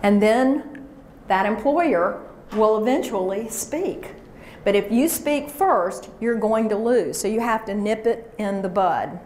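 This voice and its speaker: A woman's voice: medium pitch, slow pace, a little mellow. Woman workshop coach, emphatic, drills phrases, roomy echo, faint background noise. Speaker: career workshop speaker. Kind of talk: live workshop presentation.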